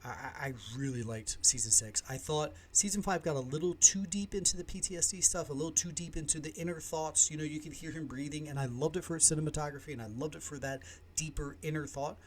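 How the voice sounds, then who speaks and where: A man's voice: fairly high pitch, fast, slight background noise. A man hosting a podcast, giving casual, opinionated reviews of movies and shows with lots of fillers and side remarks. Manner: animated and opinionated, with many fillers and asides. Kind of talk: casual solo review talk.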